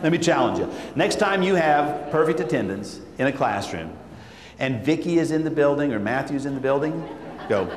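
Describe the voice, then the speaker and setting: A man giving an animated talk to educators, telling stories, acting out quotes and leading chants with his audience. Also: a little high, slight background noise. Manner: lively, acts out quotes and leads call-and-response chants. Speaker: school administrator speaking to educators. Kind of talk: animated conference talk with storytelling. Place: large hall. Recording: echoey hall with long reverb.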